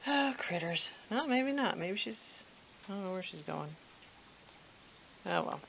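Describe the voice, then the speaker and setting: A woman's voice: mid-range voice, expressive, measured pace, creaky, background noise. A woman vlogging casually from her backyard and home. She rambles along chattily and coos at her cats. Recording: dull lo-fi home video.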